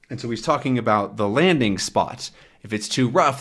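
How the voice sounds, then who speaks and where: A man's voice: mid-range voice, animated, brisk, fairly bright tone. A man teaching English from a comic, patiently explaining words and often checking in with "right?". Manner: acts out sounds and voices.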